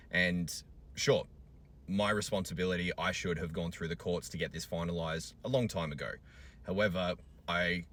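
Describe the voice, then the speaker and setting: Deep-voiced Australian man venting. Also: pushed and bright. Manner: angry, venting, swearing often. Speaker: single father vlogger. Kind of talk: emotional vlog rant.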